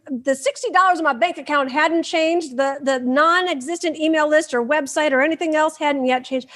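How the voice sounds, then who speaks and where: A woman from Michigan, a podcast guest telling her own story with lively energy and acting out her inner voices. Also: high voice. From Michigan, USA. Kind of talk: animated personal storytelling.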